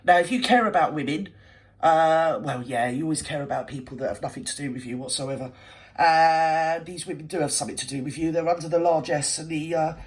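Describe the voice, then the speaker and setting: A woman hosting a reaction video, scolding and sarcastic in blunt ranting commentary. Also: sits low. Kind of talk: ranting commentary over a clip.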